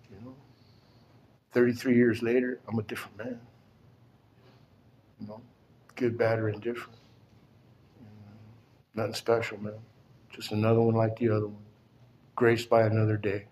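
An older man giving a plainspoken, emotional personal testimony at a recovery support meeting, often halting and repeating himself. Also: fairly low pitch, little pitch movement, a little mellow, a little hiss or hum.

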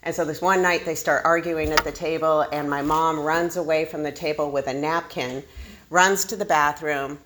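A woman's voice: sits low, steady tone, moderate pace, fairly bright tone, slight background noise. A woman candidly telling her own recovery story, self-deprecating and laughing often. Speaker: speaker sharing a recovery story. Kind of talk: personal storytelling.

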